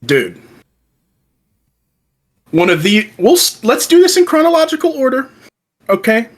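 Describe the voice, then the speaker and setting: A young man co-hosting a podcast in casual chat, excitedly retelling events and acting out the quoted lines. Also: very high-pitched, a little slow, rough recording. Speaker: podcast co-host. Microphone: remote call.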